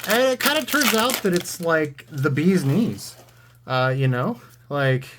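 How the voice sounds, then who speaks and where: A man's voice: mid-range voice, a little hiss or hum. A man giving casual, sarcastic commentary while opening trading card packs on his channel. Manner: dry, sarcastic.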